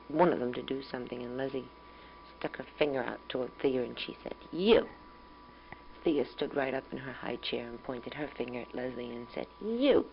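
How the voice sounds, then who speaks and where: Low-voiced young mother on an old tape. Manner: calm, tender, rambling and reflective. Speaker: mother recording a tape letter. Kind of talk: intimate spoken letter. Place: at home. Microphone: home tape recorder. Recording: dull old home tape with hum.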